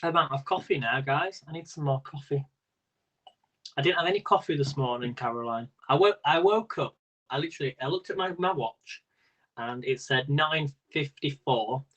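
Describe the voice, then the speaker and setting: A man's voice: fairly high pitch, normal speed, a bit bright, poor audio. A man hosting a live-stream quiz in a casual, rambling way, laughing often as he talks. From Britain. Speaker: quiz host.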